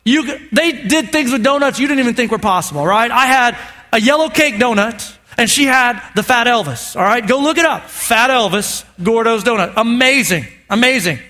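Male pastor, high bright tone, lively joking sermon delivery. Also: normal speed. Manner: animated, joking, calls for amens. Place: church auditorium with congregation.

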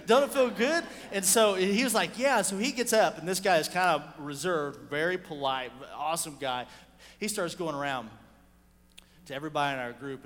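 A man preaching a sermon, telling a story with animated swings between loud and hushed delivery. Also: fairly high pitch, in a large hall. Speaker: pastor.

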